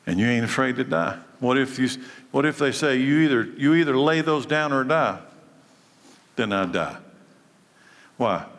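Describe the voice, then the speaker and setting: A man preaching a sermon, his delivery lively and swinging between loud and soft. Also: medium pitch, moderate pace, long pauses. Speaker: pastor. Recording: long hall reverb.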